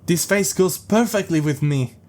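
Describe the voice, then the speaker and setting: A man's voice: sits high, expressive, moderate pace, a little mellow, voice pushed up. A deranged teenage boy, childish and gleeful, voiced by a man reading aloud. The voice climbs well above the reader's own into a sing-song lilt. It sounds unhinged and pleased with itself. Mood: giddy unhinged.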